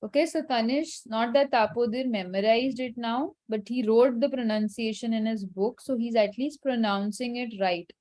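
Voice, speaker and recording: A woman teaching French in an online class, patient and instructive but gently firm with her students. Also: a little high, normal speed, hardly any pauses. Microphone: video call.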